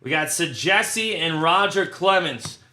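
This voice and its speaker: A man's voice: fairly high pitch, expressive, unhurried, pushed and bright, echoey room, slight background noise. A man hosting a live card break in casual chat, crude and joking as he rattles off player names.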